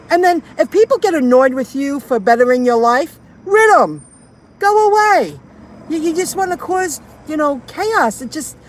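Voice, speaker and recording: A woman's voice: high voice, slight background noise. Indignant woman venting in her car. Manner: indignant, venting, repeats herself. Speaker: delivery driver vlogger. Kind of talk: casual ranting vlog.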